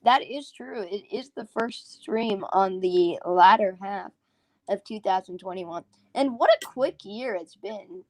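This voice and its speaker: A woman's voice: medium pitch, a little slow, a little mellow, no echo, rough recording. A tired woman co-hosting a livestream in casual chat, rambling and restarting her sentences. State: tired, yawning. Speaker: livestream co-host.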